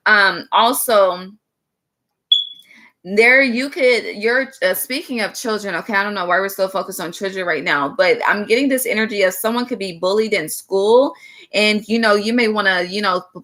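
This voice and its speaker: A woman's voice: mid-range voice, pushed and bright. A woman giving a chatty, frank tarot reading, calling listeners "baby" and tagging nearly every line with "okay". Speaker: tarot reader. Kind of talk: casual tarot reading monologue.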